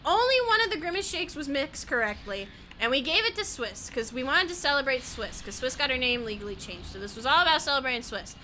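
High, animated young-sounding woman streamer. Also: fast talker, few pauses, a little hiss or hum. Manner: rambling, giggly, easily sidetracked, swears a lot. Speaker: gaming streamer. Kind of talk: casual live-stream chatter while playing.

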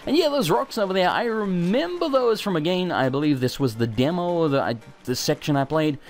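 A young man hosting a let's play, commenting in a sweary, self-mocking, excitable way. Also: high voice, brisk. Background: faint game music.

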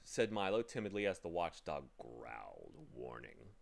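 Man reading a storybook dramatically. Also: vocal fry. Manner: slow, dramatic narration with lively pitch. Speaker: reader.

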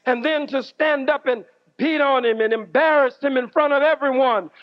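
A man giving a fiery sermon-style speech, preaching with dramatic pauses and shouted outbursts. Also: very high-pitched. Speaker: minister. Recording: dull lo-fi archive recording.

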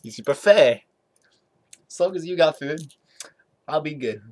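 Silly home vlogger, animated pitch, dry close room sound. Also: measured pace, no room sound. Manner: silly, swings in and out of joke voices. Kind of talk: goofy home video monologue.

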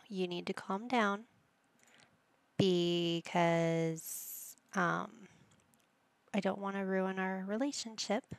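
Woman gamer host, unhurried, dry close-mic sound, casual running commentary talking to her characters. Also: mid-range voice, gravelly, dry recording. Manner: chatty, talks to the game characters as she plays. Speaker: gaming channel host. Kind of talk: casual let's-play commentary.

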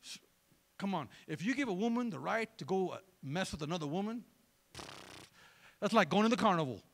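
A man's voice: high voice, animated, a little fast, fairly bright tone. A male pastor preaching a sermon in a conversational, joking way, often asking the congregation to respond. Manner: conversational, joking, asks the crowd for replies.

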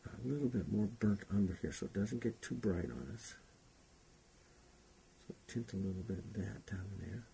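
A man's voice: on the low side, lively intonation, normal speed, vocal fry, mellow, a little hiss or hum. A man teaching a painting class, talking unhurriedly and thinking aloud as he paints. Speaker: painting instructor. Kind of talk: relaxed painting demonstration.

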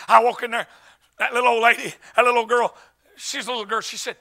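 An evangelist preaching in a church, his voice very high and piercing bright. He tells stories with animated swings and frequent bursts of shouting, his drawl plain throughout. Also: quick pace. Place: church sanctuary.

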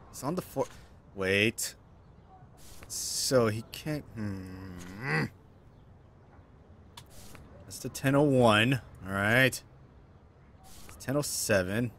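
A man's voice: fairly low pitch, fairly bright tone, slight background noise. A young man narrating his own gameplay, frustrated, cursing and muttering to himself. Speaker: gaming streamer. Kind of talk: let's-play commentary.

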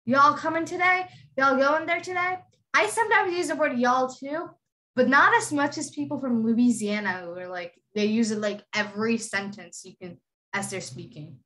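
Brief: woman, teacher, chatty and explanatory, fairly high, bright tone. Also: moderate pace, rough recording. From Ohio, USA. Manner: chatty, explaining, talks to herself. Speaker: accent teacher. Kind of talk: online lesson reacting to video clips.

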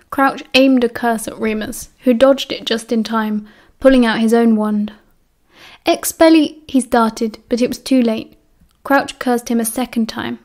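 A woman with a British accent reads a novel aloud as audiobook narration, steady and clear. Her voice sits a little on the high side for a woman, and she keeps an even, storytelling pace. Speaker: audiobook reader.

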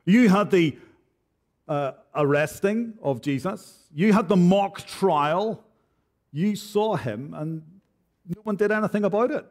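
A man's voice: high voice, expressive, slow pace. A man preaching an expository sermon in church, earnest and direct, with frequent rhetorical questions. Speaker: pastor.

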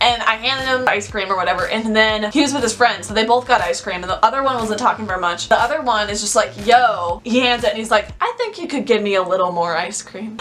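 A young woman vlogger telling a storytime, chatty and full of "like" fillers. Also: on the high side. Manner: chatty, fillers of "like", animated retelling. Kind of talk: storytime vlog.

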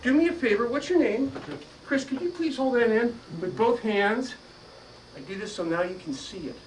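A man performing a magic trick for a live audience, teasing them playfully and drawing shouted answers back from them. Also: extremely high pitch, expressive, normal speed. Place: magic store lecture room, indoors. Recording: distant mic with noisy live room.

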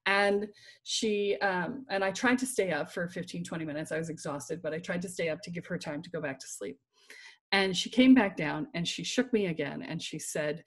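A woman guest on a podcast telling a personal story in an animated way, laughing and checking in with "right?". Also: lowish voice, normal speed. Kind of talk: storytelling in conversation.

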